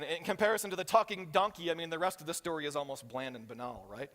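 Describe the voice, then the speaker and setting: Man, pastor, sermon, high bright voice, storytelling, long hall reverb. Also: fast. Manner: animated storytelling, voicing characters, asks "right?" often. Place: church hall.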